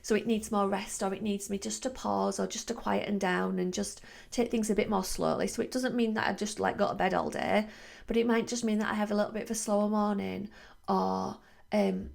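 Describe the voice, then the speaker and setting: A woman in her forties talks through a wellbeing podcast in a loose, reflective monologue. Her mid-pitched voice has a gravelly fry, and she circles back with fillers and restarts. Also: steady tone, brisk, darkish tone. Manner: chatty, many fillers and restarts. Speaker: podcast host, wellbeing coach.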